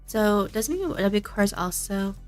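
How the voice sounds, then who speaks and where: A woman's voice: mid-range voice, animated, unhurried, darkish tone, faint music behind. A woman VTuber in casual gameplay commentary, chatty and thinking aloud as she plays, laughing often. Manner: reads game dialogue aloud. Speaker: VTuber streamer.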